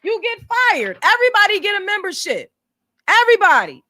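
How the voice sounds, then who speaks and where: A woman's voice: very high voice, very animated, fairly quick, bright, forceful tone, no echo, studio quality. A woman hosting a casual commentary vlog, blunt and profane as she walks her viewers through business details. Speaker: commentary channel host.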